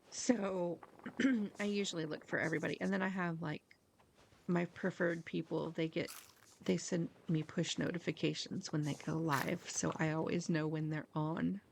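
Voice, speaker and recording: A woman's voice: fairly low pitch, creaky, a little hiss or hum, low-quality recording. A woman live-streaming a video game, chatting casually with viewers in a rambling, giggly, self-deprecating way.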